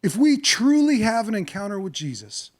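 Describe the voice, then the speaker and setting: A male pastor preaching a sermon, telling a story dramatically, acting out voices and moving from hushed to loud. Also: high voice, very animated, moderate pace.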